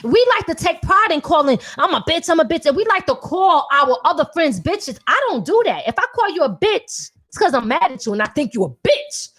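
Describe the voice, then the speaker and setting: A woman's voice: high-pitched, big pitch swings, fairly quick, few pauses, a bit bright. A woman in her thirties hosting a podcast, an independent artist talking bluntly and animatedly with lots of profanity. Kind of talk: casual opinionated talk.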